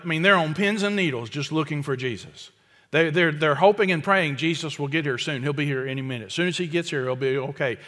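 A man's voice: a little high, bright, forceful tone. A man preaching a sermon as pastor, speaking in a conversational, emphatic way with frequent restarts. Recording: long hall reverb.

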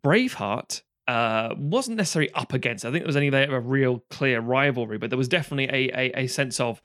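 Fast-talking man, casual film chat. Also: mid-range voice, a bit bright, no echo, studio quality. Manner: fast, rambling, swears freely, frequent restarts. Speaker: podcast co-host.

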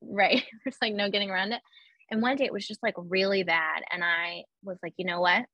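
A woman's voice: mid-range voice, fairly even intonation, a little fast, bright, forceful tone, dry recording, lo-fi sound. A young woman chatting casually and telling personal stories, full of "like" fillers and acting out her own quotes. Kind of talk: casual chat.

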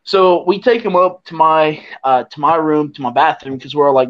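A young man, the podcast host, telling a drinking story in a casual, animated way and laughing as he acts out what people said. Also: fairly high pitch, normal speed. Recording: dull lo-fi sound.

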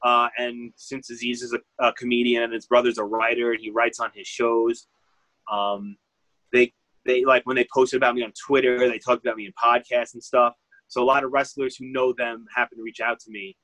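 In a rough, echo-free recording, a man in his 30s who owns a vintage clothing shop tells a story during a casual interview. His medium-pitched voice is a bit bright, with flat delivery and a slightly quick pace. He meanders, overuses "like," and acts out quotes.

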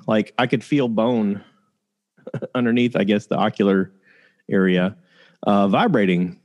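Male podcast host, lower register, candid first-person storytelling, loose and conversational with fillers. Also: steady tone, moderate pace, darkish tone.

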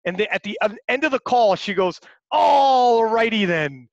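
A man in his forties hosting a casual chat, telling profane, animated stories. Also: high-pitched, fast, no echo, lo-fi sound. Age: 40s.

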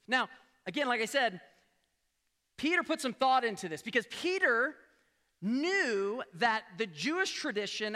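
A man preaching a sermon as pastor, telling a story with lively acted-out dialogue and frequent restarts. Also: very high-pitched, big-room sound. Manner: animated storytelling, acts out quoted dialogue; frequent restarts and repeated words.

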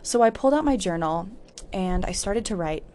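A woman's voice: mid-range voice, animated, moderate pace, mellow, slight background noise. A woman hosting a podcast, telling a candid personal story in a reflective way, with frequent "like" fillers. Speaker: podcast host. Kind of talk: personal storytelling about healing.

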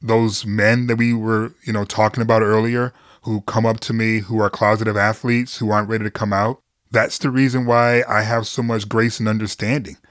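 A man's voice: lowish voice, flat delivery, moderate pace, a bit bright, no echo, studio quality. A middle-aged man speaking as a podcast guest, telling personal stories candidly and earnestly, laughing easily and swearing casually. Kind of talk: candid conversational storytelling.

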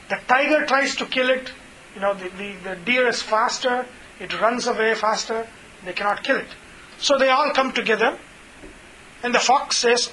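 A man leads an informal scripture class, rambling warmly through a fable with lots of fillers. His voice sits very high for a man and sounds bright. A faint hiss runs under it. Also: poor audio. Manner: chatty, many fillers, retells stories. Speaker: teacher.

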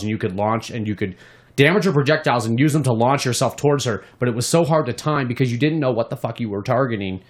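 A man co-hosting a gaming podcast, chatting casually and ranting with plenty of swearing. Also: mid-range voice. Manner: animated and profane, ranting about games. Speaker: podcast co-host. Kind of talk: casual chat.

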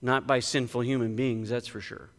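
Male pastor, smooth resonant voice, emphatic sermon delivery, long church reverb. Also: level tone, normal speed, fairly bright tone. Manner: emphatic, conversational preaching with sudden lifts in pitch. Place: church sanctuary.

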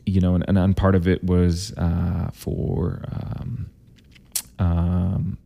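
A man's voice: low voice, completely flat delivery, slow, creaky, mellow. A man telling a candid personal story, emphatic, with many fillers and repeated words. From Canada. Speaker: vlogger.

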